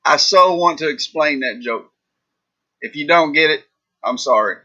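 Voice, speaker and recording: Bright-voiced man telling jokes. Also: on the high side, expressive, normal speed, highs cut off. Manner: rambling, folksy, lots of fillers. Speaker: livestream host. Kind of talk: casual live-chat joke telling.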